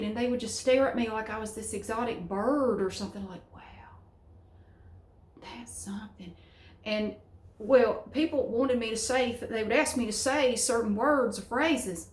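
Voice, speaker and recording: A middle-aged woman with a Southern US accent chatting frankly to camera at home, rambling from one story to the next and cursing freely. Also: fairly high pitch. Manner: rambling, frank, salty language. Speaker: vlogger. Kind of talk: casual chat to camera. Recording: roomy echo.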